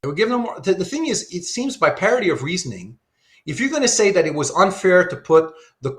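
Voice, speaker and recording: A man's voice: high voice, sing-song, brisk, fairly bright tone. A man giving a live online philosophy lecture, thinking aloud with lots of rhetorical questions while he sketches diagrams.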